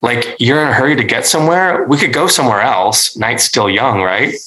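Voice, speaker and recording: A man's voice: medium pitch, a little fast, bright, forceful tone, roomy sound, natural voice, low-quality recording. A man voicing a brash, flippant young male college student who talks in a casual, slangy way. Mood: mocking. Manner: casual slangy drawl, lots of "like".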